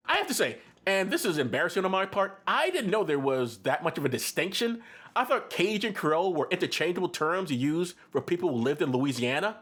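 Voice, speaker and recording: A man co-hosting a podcast in casual chat, animated and excitable, breaking into laughter often. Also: high-pitched, brisk. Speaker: podcast co-host.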